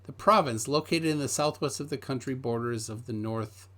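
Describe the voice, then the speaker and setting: A man's voice: medium pitch, moderate pace, a bit bright. A man from Minnesota, hosting a casual live stream and reading viewer comments aloud. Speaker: host reading chat.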